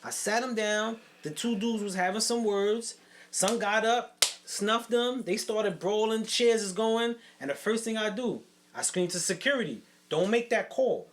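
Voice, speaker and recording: Lively high-voiced New York man. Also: unhurried, a little hiss or hum. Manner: animated storyteller, acts out quotes, street slang. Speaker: co-host, youth program leader. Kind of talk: casual podcast conversation, storytelling.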